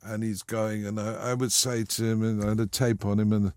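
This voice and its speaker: A man's voice: fairly low pitch, little pitch movement, fairly quick, a little mellow, dry recording, studio quality. A man in his sixties, a radio guest telling a long story with frequent restarts and asides. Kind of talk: anecdotal storytelling.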